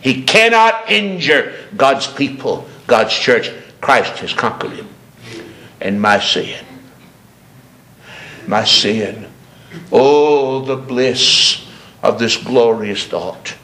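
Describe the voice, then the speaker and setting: A man preaching a sermon with passion, repeating phrases for emphasis and climbing from low murmurs to high, ringing cries. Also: expressive, drawn-out words, long pauses, pushed and bright.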